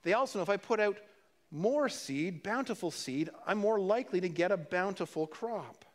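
A man preaching a sermon in a relaxed, conversational way, his voice sitting a little on the high side for a man. He often repeats words and restarts his phrases, and slips in dry, humorous asides. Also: normal speed. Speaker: pastor.

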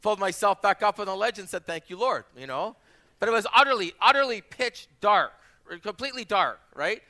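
A man's voice: high voice, a little fast. A man in his forties, a pastor preaching a sermon, telling personal stories and repeating phrases for emphasis. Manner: animated storyteller, acts out quoted voices.

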